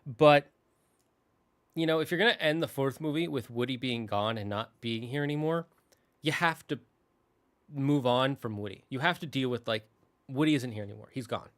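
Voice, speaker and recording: A man hosting his channel, casually retelling a movie's story in an animated way, often restarting his sentences. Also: medium pitch. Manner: animated, restarts often, slips into quick character voices. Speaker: channel host.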